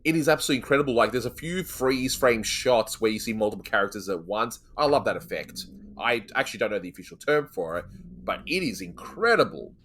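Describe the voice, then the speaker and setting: A man's voice: on the low side, animated, fast talker, a bit bright. Enthusiastic man hosting a cartoon podcast. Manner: enthusiastic, laughs easily. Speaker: podcast host. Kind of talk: casual chat.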